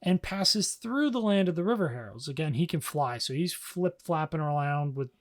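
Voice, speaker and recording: A young man co-hosting a podcast, recapping a story in a casual, slangy way and slipping into quick character voices. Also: fairly high pitch, lively intonation. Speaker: podcast co-host.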